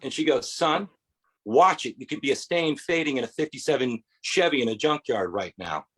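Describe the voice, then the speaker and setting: A man's voice: mid-range voice, expressive, normal speed, slightly rough, rough recording. Rambling male stand-up comic. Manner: rambling with quoted voices. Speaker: stand-up comedian. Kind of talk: stand-up set. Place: bar stage.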